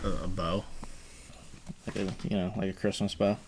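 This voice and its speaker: A young man chats easily as a podcast guest. His voice sits low with plenty of gravelly fry, and he talks slowly and unhurriedly. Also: flat delivery, darkish tone. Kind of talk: casual podcast chat.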